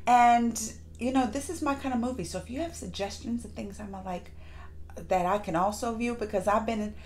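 A woman reviewing a movie in a casual vlog, gushing and excitable, with lots of fillers and restarts. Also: on the high side, a little hiss or hum. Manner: acts out lines in quick put-on voices. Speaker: movie reaction vlogger. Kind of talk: casual chat.

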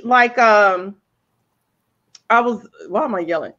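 A woman chatting casually in a movie review, animated, emphatic and profane. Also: on the high side, a little slow. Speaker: podcast co-host. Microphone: video call. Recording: slightly dull lo-fi audio.

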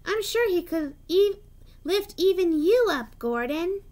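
Thomas, a woman doing an excited little engine. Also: very high voice, measured pace, pitched above the performer's own voice. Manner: eager and excited.

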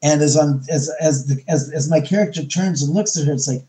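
Animated man telling a story, mellow voice. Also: on the high side, fairly quick, few pauses. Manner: animated, acts out his own quotes with many restarts. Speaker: podcast guest. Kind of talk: storytelling interview.

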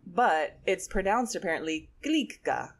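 A woman with a fairly low voice co-hosting a podcast. She chats casually and playfully and drops quick jokes. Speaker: podcast co-host. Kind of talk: casual chat.

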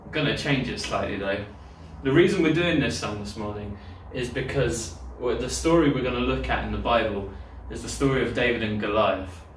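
A man's voice: medium pitch, brisk, hardly any pauses, slight background noise. A man leading children's worship in a cheerful, encouraging way, explaining to the kids at home. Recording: echoey room, distant mic, loud guitar. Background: own guitar playing.

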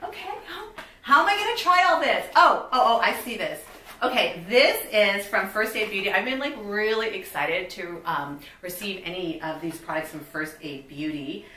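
Woman, 50s, bubbly beauty vlogger, bright voice, recorded a little far from the mic. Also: medium pitch, animated, moderate pace, echoey room, a little hiss or hum. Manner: bubbly, chatty, reads product labels aloud. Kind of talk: casual unboxing chat.

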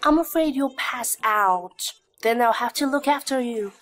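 An actress playing a sharp-tongued young mother who teases and talks briskly. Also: a little high. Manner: teasing and brisk. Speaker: young mother, lead heroine. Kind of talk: short drama acting.

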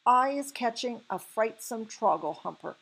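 A woman voicing a big, kind male giant who mangles his words and exclaims loudly, slow and gravelly. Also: medium pitch, rough recording. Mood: agitated.

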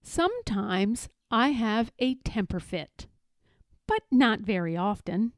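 A woman reading a children's picture book aloud in a playful, expressive, emphatic way. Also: fairly high pitch, takes it slowly, dry recording. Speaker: read-aloud narrator.

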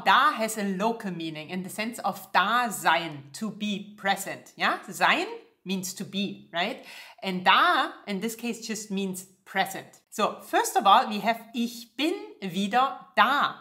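Slow, lively-voiced teacher woman. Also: mid-range voice. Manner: slow and clear, checks in with "yeah?" and "okay?". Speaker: German teacher. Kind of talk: language lesson.

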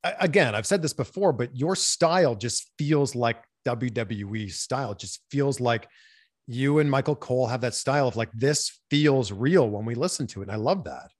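A man's voice: medium pitch, lively intonation, moderate pace, no echo, studio quality. A man hosting an interview, asking curious, enthusiastic questions. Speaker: interview host.

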